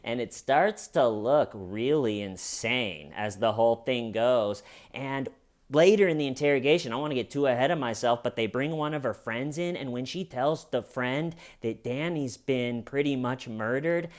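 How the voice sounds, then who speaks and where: A man's voice: mid-range voice, moderate pace. Wry joking male commentator. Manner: wry, sarcastic, joking asides. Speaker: true crime commentator. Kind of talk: comedic commentary.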